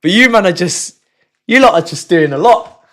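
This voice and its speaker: A man's voice: sits high, lively intonation, moderate pace, a bit bright. A man hosting a live stream, chatting casually in slang, often laughing and sighing. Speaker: livestream host. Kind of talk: casual livestream chat. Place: his home.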